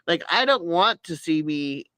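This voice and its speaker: A woman's voice: fairly low pitch, lively intonation, a little slow, pushed and bright, dry recording, poor audio. A middle-aged woman chatting candidly on a live stream, rambling earnestly with frequent restarts and self-corrections. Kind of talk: candid personal chat.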